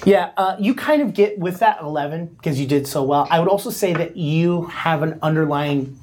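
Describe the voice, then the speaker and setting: A man acting as game master, narrating a tabletop game in a relaxed way with fillers. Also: a little high, normal speed, a little hiss or hum.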